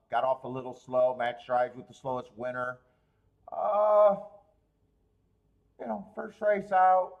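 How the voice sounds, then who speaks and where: A man hosting a horse racing betting livestream, thinking aloud through the odds and cracking himself up with loud bursts of laughter. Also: mid-range voice, dull audio. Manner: thinks aloud, laughs at his own jokes; loud bursts when amused. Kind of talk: casual livestream handicapping commentary.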